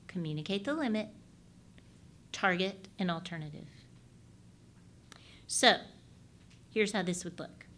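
Animated woman teaching about parenting. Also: lowish voice, a little hiss or hum. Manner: animated, asks the audience questions, shifts between loud and hushed. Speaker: parenting speaker. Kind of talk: teaching talk.

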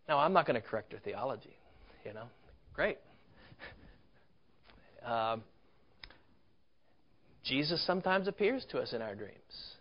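A man's voice: medium pitch, expressive, a little slow, pauses often. A man preaching a sermon as a story, conversational, with rhetorical questions and asides. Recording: dull lo-fi recording.

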